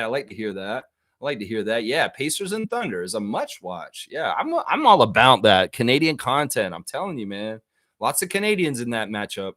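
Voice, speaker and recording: A man hosting a live basketball stream, chatting casually and reacting excitedly to viewer comments. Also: on the high side. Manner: animated, excitable, quick to laugh at his own bits. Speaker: livestream basketball show host.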